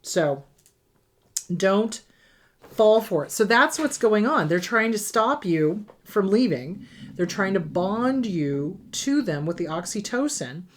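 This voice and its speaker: A woman's voice: medium pitch, lively intonation, takes it slowly. A middle-aged woman therapist answering viewer questions live. She talks bluntly and with strong emphasis, hammering her points home. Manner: emphatic, blunt, acts out abusers in mocking voices. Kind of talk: live Q&A advice talk.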